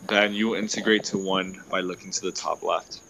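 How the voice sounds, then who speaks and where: Tearful low-voiced man, halting. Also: fairly even intonation, creaky, heavy background noise. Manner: emotional, halting, confessional. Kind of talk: casual conversation.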